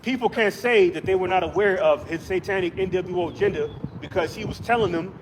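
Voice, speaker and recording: A man's voice: sits high, fairly quick. A man preaching outdoors, rambling with many fillers and restarts. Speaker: street preacher. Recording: loud wind and traffic noise.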